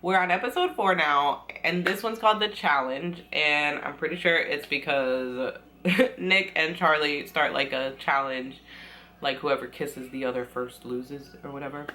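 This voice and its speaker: A young woman recapping a TV show in casual chat, giggling often and acting out the characters' lines in quick voices. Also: deep voice, bright, forceful tone, slight background noise. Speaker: TV recap vlogger.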